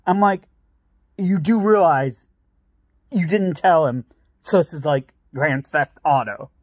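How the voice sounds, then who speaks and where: A man's voice: on the high side, takes it slowly, no echo. A middle-aged man from the Midwest telling stories in a casual vlog, laughing often and acting out what people said in a raised voice. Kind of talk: casual storytelling.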